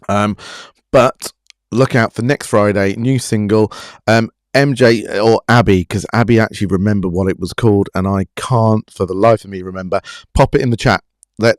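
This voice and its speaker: Male live-stream host, low voice, dry close sound, chatty and self-mocking. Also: darkish tone, no echo. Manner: chatty, self-deprecating, reading out chat. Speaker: show host.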